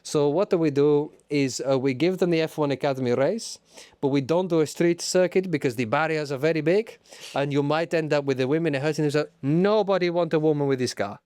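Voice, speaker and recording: A man's voice: fairly high pitch, a little fast, a little mellow, clean tone, no room sound, studio quality, close to an everyday voice. A man putting on a pompous Italian racing boss. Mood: mock-pompous. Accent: put-on Italian, broken English. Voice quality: pompous, broken grammar, mock-official. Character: pompous sexist Italian motorsport boss, male, middle-aged. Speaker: podcast host.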